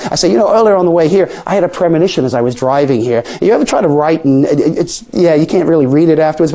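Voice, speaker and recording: A man's voice: a little high, mellow. An older man, a mentalist, lecturing a class on stage technique and acting out little scenes as he tells stories. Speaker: mentalist teaching magic.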